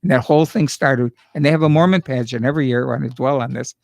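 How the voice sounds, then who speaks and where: A man's voice: mid-range voice, fast, creaky, no echo. A man hosting an interview, telling stories in a chatty way and repeating his words as he starts sentences. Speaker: interview host. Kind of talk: casual interview chat.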